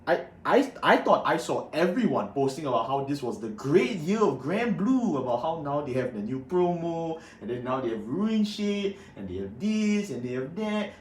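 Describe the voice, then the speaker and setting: A man's voice: a little high, sing-song, moderate pace, few pauses, a little hiss or hum. A man hosting a card game channel, ranting in a sarcastic, exasperated way about a new ban list. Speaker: card game content creator. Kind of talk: ranting deck commentary to camera. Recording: echoey room with faint ambience.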